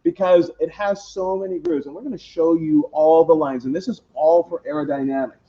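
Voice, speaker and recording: A man's voice: a little high, steady tone, fairly quick. A man hosting a casual car walkaround livestream, chatty and rambling with many fillers. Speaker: host. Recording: dull lo-fi livestream audio, faint noise.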